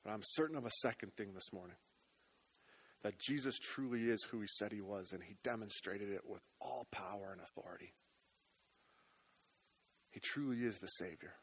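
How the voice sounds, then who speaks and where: A man's voice: lowish voice, moderate pace, pauses often, breathy edge. Earnest male pastor preaching. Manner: earnest, dropping to hushed tones then rising loud. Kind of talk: sermon. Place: church.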